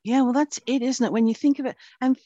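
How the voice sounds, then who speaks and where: A woman's voice: on the high side, steady tone, fast talker, mellow, no room sound, highs cut off. A woman interviewing a guest, asking leading questions that often end in tag questions.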